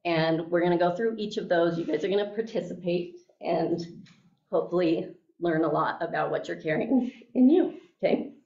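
On the low side and a little mellow, this woman's voice moves at a moderate pace as she teaches a class. She tells a story conversationally and keeps checking in with "okay?" and "right?". The distant mic and echoey room make the audio dull.

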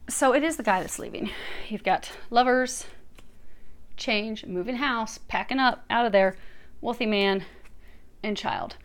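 A woman giving a casual angel card reading to her viewers, chatty and animated, swinging from quiet asides to emphatic bursts. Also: fairly high pitch.

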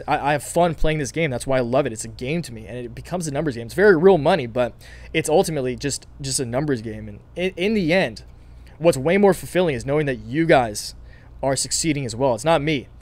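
A man's voice: medium pitch, a little mellow. A man hosting his own stock market channel, talking casually and eagerly to viewers with a scratchy throat, full of fillers and restarts. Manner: fast, filler-heavy, enthusiastic talk with many restarts.

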